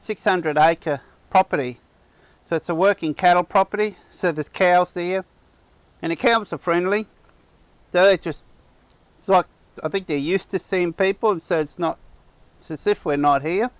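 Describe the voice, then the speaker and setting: A man talks casually to camera at an outdoor campsite. His voice is smooth and clear, a touch higher than most men's, and sounds dry with no echo. He rambles and restarts his sentences like a friendly host. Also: normal speed, pauses often. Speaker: camping channel host. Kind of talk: casual vlog chat. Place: outdoor campsite on a cattle property.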